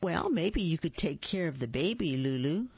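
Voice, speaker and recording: A woman voicing a patient mother who gently suggests ideas to her daughter. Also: low voice, animated, moderate pace, breathy edge, full character voice. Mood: gentle. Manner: gentle, encouraging. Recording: dull lo-fi recording.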